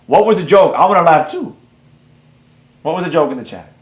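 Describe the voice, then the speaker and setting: A man's voice: fairly high pitch, animated, brisk, echoey room. A man hosting a trading livestream, talking bluntly and brashly with some swearing while he reads out the chat. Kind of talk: live-stream rant, reading chat aloud.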